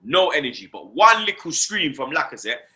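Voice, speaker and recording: The host of a casual football fan show rants fairly quickly in a fairly high voice, animated and slangy. He swears freely and fires off "you understand" and "blood" again and again.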